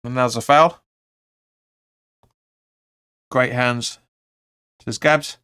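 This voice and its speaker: A man at a middling pitch hosts a live football watch-along, rattling off play-by-play in a clear, rounded voice. He reads out viewer comments and answers them with blunt opinions. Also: steady tone, slow, sharp tone. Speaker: fan channel host.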